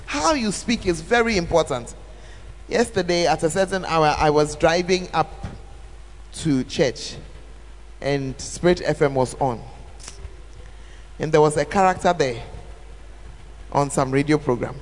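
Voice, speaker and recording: A woman's voice: low voice, measured pace, pauses often. A woman, a church leader answering questions at a church camp, talking animatedly with emphatic repetition. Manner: animated, emphatic repetition, acts out quoted speech. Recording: reverberant hall.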